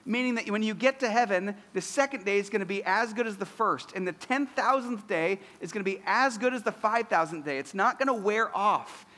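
A man in his thirties delivering an earnest sermon, his voice pitched high for a man. He builds steadily toward emphatic, declarative lines. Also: a bit bright, long reverb tail. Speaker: pastor.

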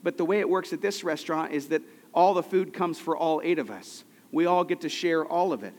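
Male pastor, conversational storyteller in the pulpit, slightly raised pitch, long hall reverb. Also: darkish tone. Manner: conversational storytelling preacher, slows for emphasis. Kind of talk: sermon.

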